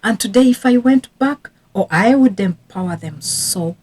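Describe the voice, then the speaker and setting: A woman's voice: mid-range voice, expressive, moderate pace, a little mellow. A woman in her thirties working as a parenting coach, giving earnest casual advice with repeated emphasis. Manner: earnest, repetitive emphasis, occasional restarts.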